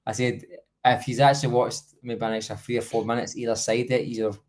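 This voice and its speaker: A man's voice: medium pitch, level tone, fast, darkish tone. A Scottish man joining a podcast over a video call as its regular guest, jokey and self-mocking, rambling as he talks. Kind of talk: casual podcast chat.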